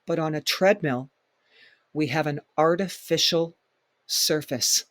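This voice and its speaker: A man's voice: fairly high pitch, slow pace, fairly bright tone, no room sound. Emphatic man teaching a fitness workshop. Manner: emphatic, repeats key points, acts out client reactions. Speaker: fitness instructor. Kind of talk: workshop lecture.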